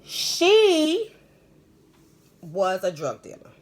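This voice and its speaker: A woman's voice: medium pitch, huge pitch swings, drawn-out words, slight background noise. A woman hosting a live stream as a spiritual medium, telling stories and giving advice in a rambling, emphatic, slangy way.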